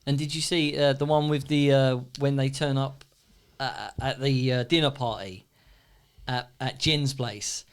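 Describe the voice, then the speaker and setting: A man's voice: mid-range voice, steady tone, measured pace, smooth. A man, co-hosting a casual podcast chat and retelling scenes with lots of laughter and acted-out quotes. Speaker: podcast co-host.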